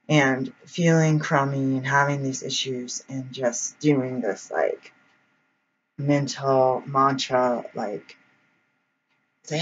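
A man's voice: mid-range voice, flat delivery, moderate pace, lo-fi sound, slight background noise. A man who is a single parent, talking in a casual personal vlog in a rambling, reflective way with many fillers.

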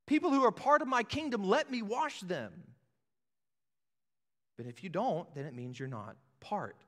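A preacher voicing a firm, earnest teacher. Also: male voice, high-pitched, animated, unhurried, fairly bright tone, pitched above the performer's own voice. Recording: echoey church hall.

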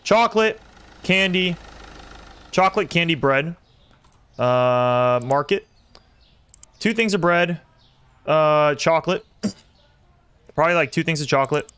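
A young man streaming a simulator game, commenting excitedly and talking to his chat as he plays. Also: a little high, a little slow, pauses often, clear, resonant tone, no echo. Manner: excitable, talks to chat while playing. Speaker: gaming streamer. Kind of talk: live gameplay commentary.

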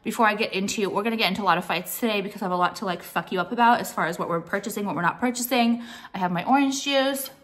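A woman's voice: medium pitch, racing, fairly bright tone. A young adult woman vlogging in a casual, blunt rant, opinionated and full of swearing and "like". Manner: blunt, profane, opinionated, heavy use of "like".

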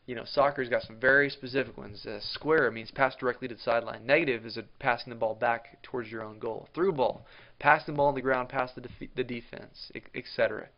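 A man's voice: mid-range voice, fairly even intonation, fast, few pauses. A man coaching viewers on team communication in an instructional talk, working through numbered points with frequent restarts. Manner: plain explanatory delivery with restarts and lists. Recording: dull lo-fi recording.

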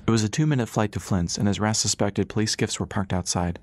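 A man narrating an audiobook in a brisk, steady storytelling manner. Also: fairly low pitch, no echo, studio quality. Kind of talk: scripted narration.

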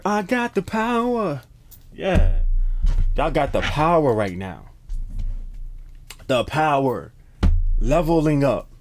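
A man giving a casual spiritual tarot reading to his viewers, slangy and emphatic, often repeating phrases and restarting as messages come through. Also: on the low side. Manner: hesitant restarts when channeling messages. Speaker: tarot card reader.

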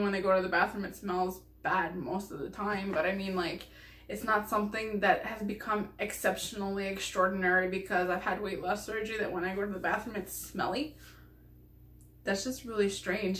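A young woman vlogger talking casually to camera, chatty and rambling with lots of fillers. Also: mid-range voice. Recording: echoey room.

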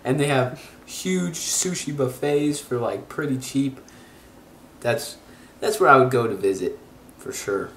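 An easygoing man hosts a casual podcast chat at a middle pitch, relaxed and friendly in manner. His voice carries a roomy echo, with faint noise behind it. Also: measured pace. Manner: easygoing, laughs along. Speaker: podcast host.

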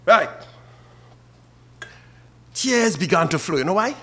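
A man's voice: high voice, big pitch swings, slow pace, sharp tone, slightly rough. A man with a Trinidadian accent preaching a funeral sermon and calling out to the mourners by name. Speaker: officiating minister at a funeral.

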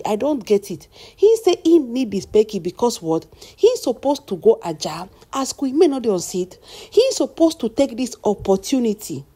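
A woman's voice: fairly high pitch, dark tone. Chatty Nigerian woman dishing gossip. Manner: chatty, addresses audience as "my people". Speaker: celebrity gossip vlogger. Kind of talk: gossip storytelling.

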